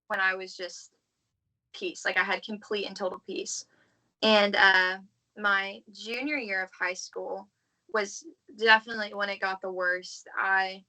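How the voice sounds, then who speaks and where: A woman's voice: mid-range voice, bright, forceful tone, low-quality recording. A young woman from the southern United States, a podcast guest giving an earnest, heartfelt personal faith testimony in casual talk full of "like.". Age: young adult. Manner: earnest, heartfelt, frequent "like" fillers.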